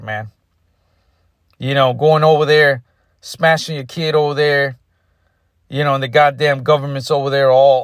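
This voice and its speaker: A man's voice: mid-range voice, dry recording. Angry profane male preacher, dry sound. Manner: profane and aggressive, ends phrases with "man". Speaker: street preacher. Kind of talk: angry ranting sermon.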